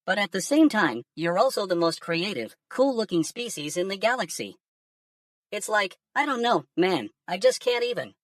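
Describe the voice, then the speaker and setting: A woman's voice: mid-range voice, sing-song, moderate pace, no echo, studio quality, distant mic, natural voice. Zebo, a woman voicing a stoned alien. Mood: stoned rambling. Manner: rambling, slangy, swears casually. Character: stoned alien conspiracy theorist, laid-back, rambling. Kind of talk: AI-generated comedic monologue.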